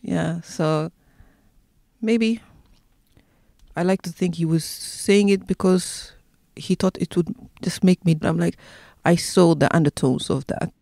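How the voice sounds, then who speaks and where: A woman's voice: on the low side, slow pace, vocal fry, warm tone, no room sound. A woman recounting her experiences in a casual interview, talking loosely with many fillers. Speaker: interviewee, city resident.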